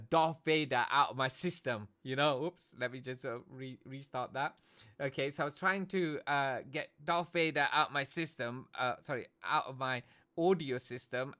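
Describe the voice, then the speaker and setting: A man's voice: a little high, bright, forceful tone. Chatty British man hosting a stream. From Britain. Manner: chatty, tags "okay?" onto nearly every phrase. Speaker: livestream host and esports commentator. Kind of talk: casual live-stream chat.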